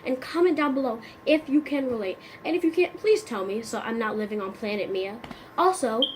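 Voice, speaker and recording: A young woman vlogging in a comedic, animated way, full of sarcasm and acted-out little scenes. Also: on the high side, slight background noise. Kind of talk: comedic vlog monologue.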